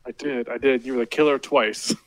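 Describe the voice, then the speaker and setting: A man's voice: medium pitch, steady tone, a little fast, dry recording. A man in casual chat giving short replies and laughing.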